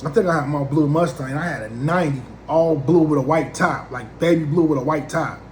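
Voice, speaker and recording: Thirty-something guy telling a funny story, slangy and animated, echoey room. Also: a little high, brisk, slight background noise. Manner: slangy, animated, acts out both sides of conversations. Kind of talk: casual comedic storytelling.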